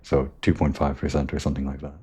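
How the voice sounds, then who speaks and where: A man's voice: rumbling low, monotone, fast talker, mellow, slightly rough. A man giving casual gameplay commentary, musing and thinking aloud, correcting himself as he goes.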